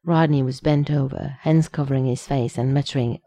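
Gravelly low-voiced woman reading a story. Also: brisk, no room sound. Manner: expressive, reads punctuation aloud. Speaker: narrator. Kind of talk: audiobook reading of fan fiction.

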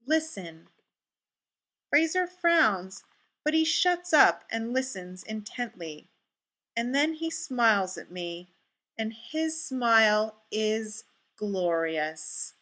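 A woman reading a first-person story aloud in an intimate, measured and expressive way. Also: a little high. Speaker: story reader.

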